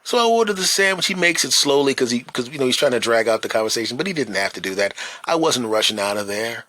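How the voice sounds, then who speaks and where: A man's voice: mid-range voice, expressive, fast talker, bright, forceful tone, no echo. A man, a stand-up comedian hosting a podcast, telling a casual story and checking in with "right?" and "you know.".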